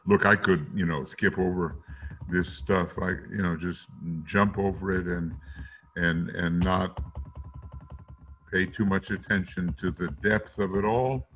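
Slow deep-voiced man lecturing. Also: steady tone, a bit bright, soft background music. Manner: deliberate, sings note syllables to illustrate. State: rough morning voice. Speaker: teacher.

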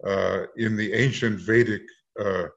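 A man leading a casual discussion, speaking haltingly with many pauses and fillers. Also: on the low side, steady tone, creaky, fairly bright tone. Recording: muffled lo-fi sound.

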